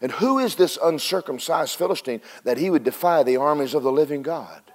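Male preacher, high pitch, animated sermon delivery with call-and-response. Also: a little fast. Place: church service with congregation responding.

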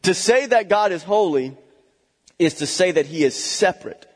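A fairly high-voiced man preaches a sermon in a church, leaning hard on repeated words for emphasis. He slips into chatty, joking asides. His voice rings out with the long reverb of a big hall. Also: animated, normal speed, slightly rough. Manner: chatty asides with small laughs. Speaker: pastor.

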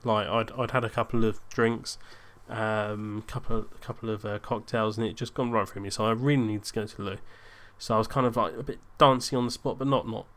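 A man's voice: lowish voice, a little fast, hardly any pauses. Rambling man telling an anecdote. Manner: rambling, self-interrupting, animated in quoted bits. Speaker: storyteller. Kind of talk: casual anecdote.

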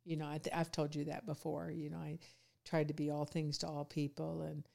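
A middle-aged woman with a low voice and a gravelly edge, guesting on a podcast. She talks in a relaxed, reflective way, pausing often and restarting her sentences as she thinks. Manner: reflective, many fillers and restarts. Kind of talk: casual podcast conversation.

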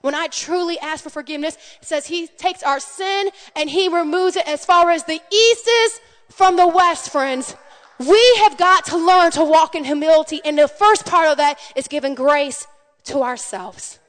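A woman's voice: very high voice, normal speed. A woman pastor preaching a conversational sermon, telling stories with animation and calling out to the congregation. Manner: animated storytelling, calls out to the congregation. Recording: long hall reverb.

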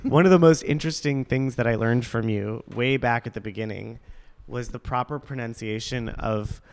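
A man's voice: mid-range voice, moderate pace, clean tone. A man hosting a wedding podcast as the planner, chatty and teasing, laughing often. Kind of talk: casual podcast chat.

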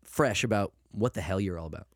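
A man's voice: sits low, brisk, dry recording, clean studio sound. A man hosting a casual podcast chat, joking and swearing freely as he tells stories. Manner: profane, joking, animated storyteller. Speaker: podcast host.

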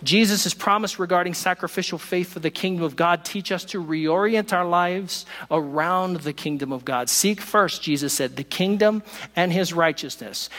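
A male pastor preaching a sermon, slowing down and lifting his voice for emphasis. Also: sits high. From not from West Virginia. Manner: expressive preaching, slows for emphasis. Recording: long hall reverb.

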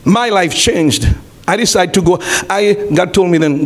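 A man preaching a sermon as pastor, repeating his phrases, calling to the congregation and rising to shouts. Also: high-pitched, unhurried, a little hiss or hum. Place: church.

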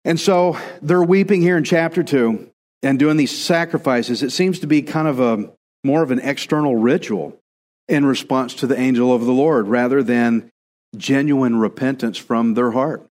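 A man's voice: mid-range voice, moderate pace, a little mellow, big-room sound. A male pastor preaching a conversational sermon, now and then acting out quoted voices.

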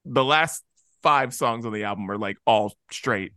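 A man co-hosting a casual podcast, talking animatedly and acting out imagined people in quick asides. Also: mid-range voice, sharp tone, clean tone, no room sound. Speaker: podcast co-host.

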